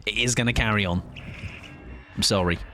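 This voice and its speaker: A man's voice: lowish voice, bright, forceful tone, soft background music. A man from southern England chatting casually to his viewers while streaming a game, joking at his own expense. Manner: chatty, self-deprecating, quick asides to chat. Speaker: gaming streamer. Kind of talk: casual live-stream chat.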